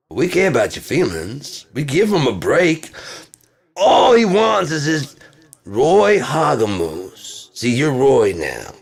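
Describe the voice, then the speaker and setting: A man delivering a rambling comedic monologue in laid-back rocker slang, drawling and swinging from loud bursts to mumbles. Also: mid-range voice, husky.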